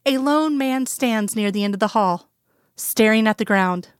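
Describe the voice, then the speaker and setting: Smooth-voiced woman narrating fanfiction. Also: on the high side, moderate pace, dry recording, clean studio sound. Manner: calm storytelling, plain voices for quoted characters. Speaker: fanfiction reader. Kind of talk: scripted narration.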